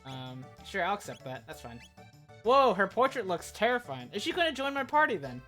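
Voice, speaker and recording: A chatty woman commenting on her own game during a live stream, joking and reacting as she goes. Her pitch is very lively and moves all over. Faint game music runs underneath. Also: fairly quick.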